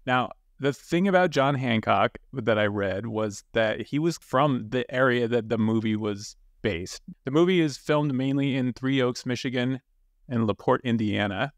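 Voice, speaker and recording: A man co-hosting a casual podcast, relaxed and rambling with many fillers. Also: mid-range voice, no echo, clean studio sound. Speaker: podcast co-host.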